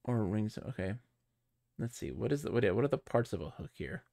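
A man's voice: fairly low pitch, big pitch swings, a little fast, vocal fry, dark tone, dry recording, studio quality. A man streaming a text adventure, thinking aloud with lots of hesitation and wry jokes. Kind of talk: casual chat while playing a game.

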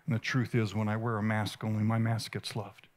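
A man giving a sermon at a conference, earnest and vivid, with halting restarts. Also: on the low side, level tone. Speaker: conference speaker. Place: conference stage.

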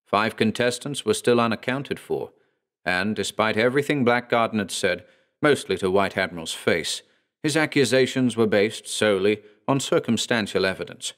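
A man narrating a scripted horror story with a measured, dramatic delivery. His voice sits on the lower side. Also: a bit bright.

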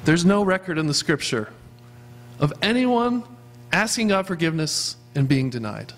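A man's voice: a little high, big pitch swings, normal speed, fairly bright tone, soft background music. A man preaching a sermon as pastor of a church, earnestly asking his congregation questions. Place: church sanctuary.

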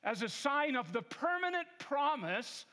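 A male pastor preaching a sermon in a church, emphatic and deliberate. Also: very high-pitched, sing-song, pushed and bright. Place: large church sanctuary. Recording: long hall reverb.

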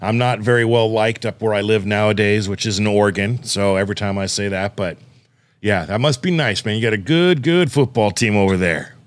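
A man's voice: lowish voice, fairly quick, dry recording. A man from Southern California hosting a podcast, asking easygoing, jokey questions. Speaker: podcast host. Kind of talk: casual interview chat.

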